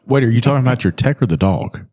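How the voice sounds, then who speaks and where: A man's voice: medium pitch, animated, quick pace, darkish tone. A man in a casual podcast chat, laid-back and teasing dryly.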